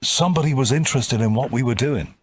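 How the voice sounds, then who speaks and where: A man's voice: medium pitch, fast talker, breathy edge. A man from the UK hosting an interview, chatty and given to repeating and restarting words. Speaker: interviewer and host. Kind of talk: casual interview chat.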